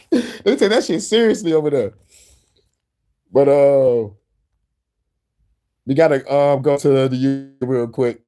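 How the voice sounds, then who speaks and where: A man's voice: a little slow, long pauses, dark tone. A man hosting a show, giving casual, profane commentary on clips. He rambles and laughs often. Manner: rambling, laughs often, jumps into squeaky bits. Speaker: host reacting to clips.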